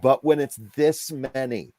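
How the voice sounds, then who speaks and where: A man explains stage work straight to the audience in a casual tone. His voice sits at a middle pitch. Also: fairly even intonation, measured pace, warm tone, dry recording, faint music behind. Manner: explanatory, addresses listeners directly. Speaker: actor guest. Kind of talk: casual chat.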